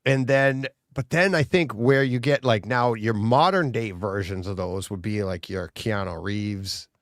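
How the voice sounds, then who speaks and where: A man's voice: fairly low pitch, a little slow, dry recording, studio quality. A man co-hosting a podcast in casual chat, rambling and laughing often. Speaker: podcast co-host.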